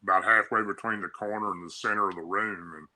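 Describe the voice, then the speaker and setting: A man's voice: on the low side, steady tone, quick pace, bright, forceful tone, poor audio. Man telling a tense story. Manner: breathless run-on retelling, repeats himself. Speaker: guest. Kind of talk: casual storytelling.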